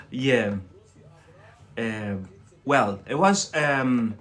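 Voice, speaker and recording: Slow-talking Scottish English teacher. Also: male voice, mid-range voice, animated, a bit bright. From Scotland. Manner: slow and explanatory, adds "yeah?" as a check, laughs often. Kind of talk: live-stream English lesson.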